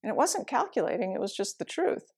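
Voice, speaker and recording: A middle-aged meditation teacher tells a story from her own life, speaking candidly and reflectively with the occasional laugh. Her mid-range voice is gravelly and husky, a little fast, with big swings in pitch.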